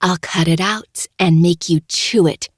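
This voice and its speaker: A woman's voice: on the low side, steady tone, unhurried, slightly rough, no echo, studio quality. A woman voicing an unhinged young woman who makes demands and threats. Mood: threatening.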